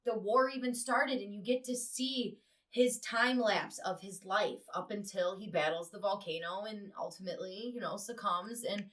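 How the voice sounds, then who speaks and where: An enthusiastic woman hosting a casual book discussion, chatting at a middle pitch. She sits a little back from the mic. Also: normal speed, a bit bright, recorded from a distance. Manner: chatty, enthusiastic, acts out quotes. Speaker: podcast host.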